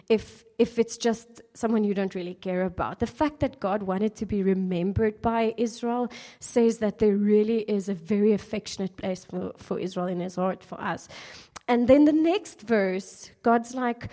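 A woman's voice: mid-range voice, measured pace, mellow. A woman giving an informal sermon in a chatty, playful way, with many fillers and laughs at her own jokes. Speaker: speaker at a church gathering.

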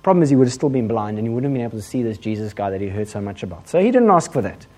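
A man with an English accent preaching a sermon in a conversational, humorous style, full of asides and lively retellings. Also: medium pitch, racing. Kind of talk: sermon with storytelling.

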